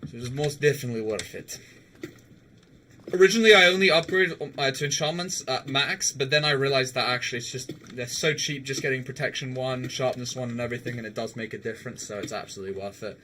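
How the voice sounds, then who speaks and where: A man's voice: mid-range voice, brisk, bright, forceful tone, a little hiss or hum. A young man chatting casually with viewers on a live game stream, laughing often and swearing now and then.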